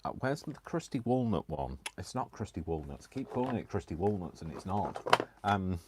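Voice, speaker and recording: Man, craft stream host, chatty, self-deprecating, lively pitch, faint hiss. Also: fairly quick. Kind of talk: casual chat while crafting.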